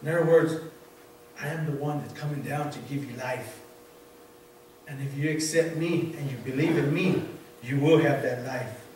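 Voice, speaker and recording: A man giving an informal sermon as a church elder, telling a story from work with many halting restarts. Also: a little high, steady tone, a little mellow, far from the mic. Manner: repetitive, halting restarts, conversational. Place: church sanctuary. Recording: very echoey room, voice off-mic, faint noise.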